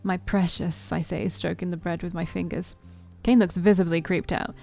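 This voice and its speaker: Over soft music in the background, a female let's play streamer voices a story game in first person at a moderate pace. She speaks in a lowish, creaky, dark-toned voice with steady intonation, staying playful and tossing in asides of her own.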